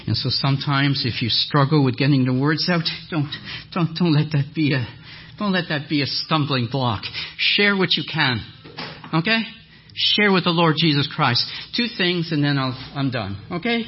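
A man preaching a sermon as a guest speaker, telling a lively story and acting out the voices of the people in it. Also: medium pitch, breathy edge, highs cut off. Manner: animated storyteller, acts out quoted voices. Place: church hall.

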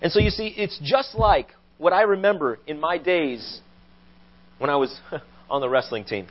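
A man preaching a sermon, telling stories with animated delivery and loud quoted voices. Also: a little high, normal speed, muffled recording. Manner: animated storytelling, rising to loud acted quotes. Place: church.

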